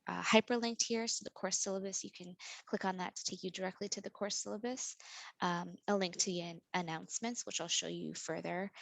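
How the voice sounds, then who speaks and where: A woman instructor walking students through an online course in a relaxed, filler-heavy way over a video call. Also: fairly low pitch, vocal fry, dry recording, low-quality recording. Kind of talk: online course orientation walkthrough.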